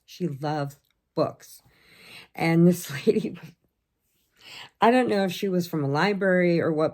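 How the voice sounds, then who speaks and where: Middle-aged American woman, low-pitched, chatty storyteller with frequent laughs. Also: a little mellow. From United States. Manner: chatty storyteller, laughs often, acts out quotes. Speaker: vlogger. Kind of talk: casual chat.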